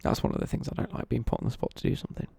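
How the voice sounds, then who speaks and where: A young man from England's East Midlands chats casually on a live stream, rambling, correcting himself and swearing lightly while answering viewer questions. He speaks rapid-fire in a dark tone, with no echo.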